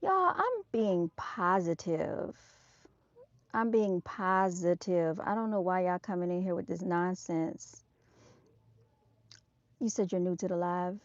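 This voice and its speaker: A woman's voice: on the low side, expressive, slow pace, long pauses, no room sound. Woman vlogger chatting to viewers outdoors, plain direct delivery, dry lo-fi phone audio. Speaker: live-stream vlogger. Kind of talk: casual live-stream chat. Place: outdoors at an evening motorcycle show. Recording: dull, dry lo-fi sound.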